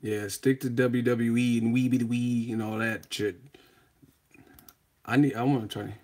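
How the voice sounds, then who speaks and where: A man's voice: mid-range voice, steady tone, a little slow, darkish tone. A man hosting a livestream reaction show, trash-talking in a brash, profane way. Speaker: boxing channel host.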